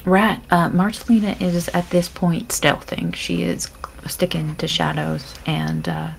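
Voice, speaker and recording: A woman's voice: lowish voice, little pitch movement, a little slow, vocal fry, a little hiss or hum. A woman playing in a tabletop game, talking hesitantly with many fillers and asking the game master questions. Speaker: player. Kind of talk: tabletop role-play as a player.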